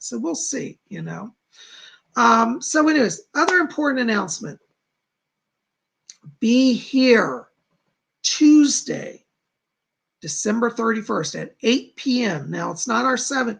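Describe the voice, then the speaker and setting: Man, middle-aged, psychic live-stream host, casual rambling chat, heavy vocal fry, raspy tone. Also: sits high, fairly bright tone. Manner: rambling, chatty, reads out viewer comments.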